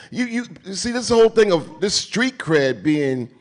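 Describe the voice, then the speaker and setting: A man with a New York accent speaks on stage at an event. He talks in an animated, sermon-like way, loaded with street slang and casual profanity. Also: high voice, moderate pace, hardly any pauses. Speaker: keynote speaker. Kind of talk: onstage conversation. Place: event stage before an audience.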